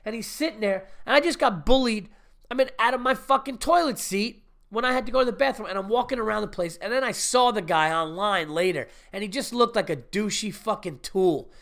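A podcast host riffs through a casual story, swearing freely and building into indignant rants. His voice sits high for a man and sounds bright and forward, lively and animated. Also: fairly quick, gravelly.

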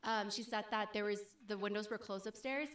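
A woman's voice: mid-range voice, fairly even intonation, fairly quick, a bit bright. A young woman telling a story in casual chat, rambling with many fillers.

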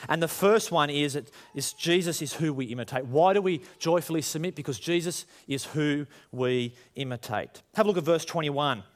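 A man's voice: a little high, normal speed, few pauses. A man, preaching a conversational sermon to his congregation and rising in emphasis as he tells stories. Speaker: pastor.

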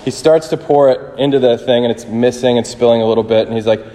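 A man giving a conversational sermon in a chapel, halting and restarting as he tells a story. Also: medium pitch, fairly even intonation, mellow. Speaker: priest. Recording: long chapel reverb.

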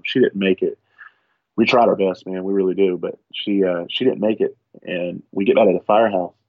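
A man tells a crude work story in casual podcast talk, slipping into the voices of the people in it. His low voice is husky and a little breathy. The recording sounds dull and lo-fi. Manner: profane, animated storyteller acting out quotes. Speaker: firefighter guest.

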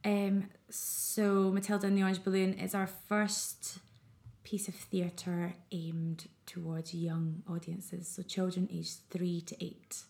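A woman's voice: on the low side, flat delivery, slow, gravelly, darkish tone. A woman who runs a theatre company, talking casually as a podcast guest, a little self-conscious and rambling. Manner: self-conscious, rambling, many ums and restarts. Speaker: theatre director, interview guest. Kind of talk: casual interview chat.

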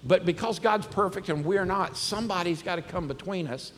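Animated preacher, slightly high voice. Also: male voice, a little fast, slight background noise. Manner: conversational, animated preaching with scripture reading. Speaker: pastor. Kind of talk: sermon. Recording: long reverb, faint ambience.

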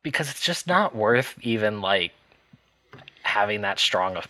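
A man's voice: lowish voice, sing-song, measured pace, pushed and bright, no room sound. A man co-hosting a podcast, chatting casually about a bad movie, hesitant and rambling with frequent laughs. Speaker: podcast co-host.

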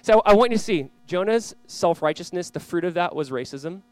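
A young man preaching a sermon, animated and storytelling, acting out quoted voices. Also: high voice, brisk, clean tone, dry recording. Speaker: pastor.

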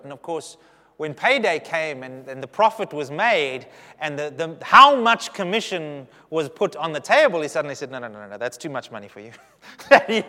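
Pastor, animated and joking, preaching in a reverberant hall. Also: male voice, fairly high pitch. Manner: humorous, animated preaching with audience asides. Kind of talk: sermon. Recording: long reverb of a big hall.

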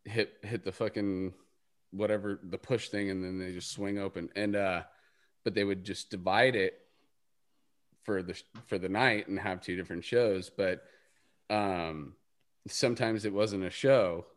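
A man with a fairly low voice hosts a casual talk. He rambles through his story with plenty of fillers and the odd curse word, never in a hurry to land the point. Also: fairly even intonation, measured pace. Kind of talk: casual chat.

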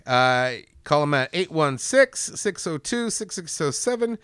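A man co-hosting a podcast, telling a story in a casual, animated way with swearing and loud cartoonish voices. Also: fairly high pitch, a little slow, clear, resonant tone, no room sound, clean studio sound. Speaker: podcast co-host. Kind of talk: casual chat.

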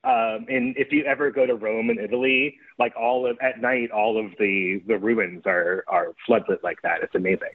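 A man co-hosting a podcast in casual chat, calm and measured, agreeable. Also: fairly low pitch, dry recording. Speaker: podcast co-host. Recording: tinny phone-like line.

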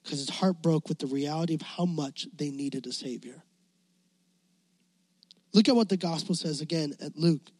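Impassioned high-voiced male preacher. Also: moderate pace, pauses often, dry recording. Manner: impassioned preaching, rising to near shouting. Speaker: youth pastor. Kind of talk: sermon.

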